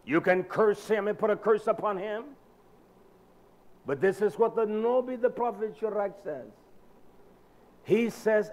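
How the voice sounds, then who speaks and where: A man preaching a sermon, emphatic and addressing his listeners directly, swinging between soft and loud delivery. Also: high voice, lively intonation, a little slow, long pauses.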